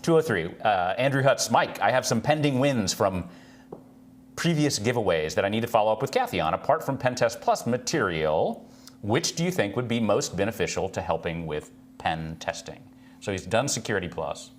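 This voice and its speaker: Lively low-voiced man reading viewer questions. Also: normal speed, a little hiss or hum. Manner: reads chat messages aloud, greets viewers by name. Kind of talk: live stream Q&A chat.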